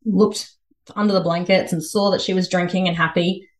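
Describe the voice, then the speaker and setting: Lively Australian woman telling a story. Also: lowish voice, moderate pace. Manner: lively storyteller, laughs often, acts out voices. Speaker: podcast guest. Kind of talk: casual storytelling interview.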